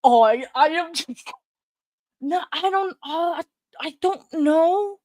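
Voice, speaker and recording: Woman, true crime host, out of breath, rambling, nervous laughs, high voice. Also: animated, slow, darkish tone, no echo, studio quality. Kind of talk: casual chat to viewers.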